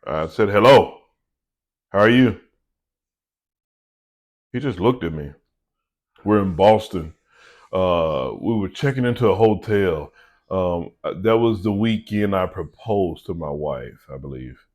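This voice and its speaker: Casting: earnest male vlogger, middle-aged, lowish voice, relaxed devotional chat. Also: a little slow. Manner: earnest, conversational, encouraging. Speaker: vlogger and small business owner. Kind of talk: casual devotional talk.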